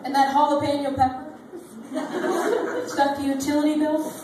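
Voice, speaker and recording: This comedian, a woman in her thirties, has a high voice and a flat delivery as she rambles at a moderate pace through self-deprecating material on a club stage. Heavy background noise and audience laughter echo through the club, recorded from a distance.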